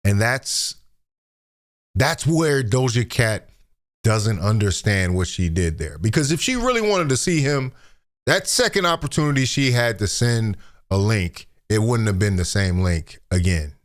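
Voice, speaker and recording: Low-voiced man hosting celebrity commentary. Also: sing-song, unhurried. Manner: conversational, reflective, speaks to viewers directly. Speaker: commentary host.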